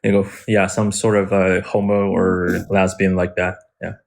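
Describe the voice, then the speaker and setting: A man's voice: low voice, level tone, measured pace, gravelly. A man, a Mandarin speaker, chatting in English on a livestream, hesitant and full of fillers as he explains things. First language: Mandarin Chinese. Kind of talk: casual live-stream chat.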